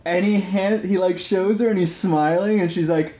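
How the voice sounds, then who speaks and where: A man hosting a podcast in casual chat, an animated storyteller who acts out scenes. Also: high voice, moderate pace. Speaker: podcast host. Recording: echoey room.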